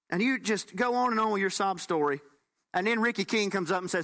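A man preaching from the pulpit, his voice pitched high and bright. He delivers the sermon in an animated, folksy way with touches of humor. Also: fairly quick. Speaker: pastor.

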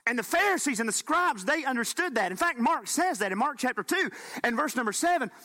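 High, bright preacher man. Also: fairly quick. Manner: animated preaching with folksy humor. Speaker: pastor. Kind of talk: sermon.

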